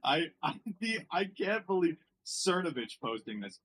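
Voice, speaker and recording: Sarcastic American man with lively pitch. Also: unhurried, hardly any pauses, a little hiss or hum, poor audio. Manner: sarcastic, laughing, mock French pronunciations. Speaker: streamer reacting to posts. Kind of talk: casual commentary.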